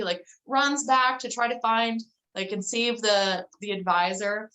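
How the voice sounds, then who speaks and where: Speaking at normal speed with hardly any pauses, a middle-aged interview guest tells a chatty, loosely told story packed with "like" and "um." Her voice is a little high and sharp, with fairly even intonation, on a rough recording.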